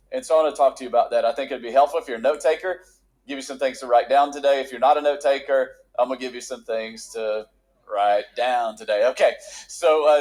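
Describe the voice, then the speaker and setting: A man's voice: on the high side, darkish tone. Fervent man preaching a sermon. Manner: conversational, builds to rising emphatic intensity. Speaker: pastor.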